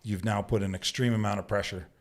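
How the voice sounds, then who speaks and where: A fast-talking man with a voice on the low side, he's a Canadian bushman appearing as a podcast guest. In a casual studio chat, he tells stories animatedly, acting out quoted lines. He often asks "right?" as he goes.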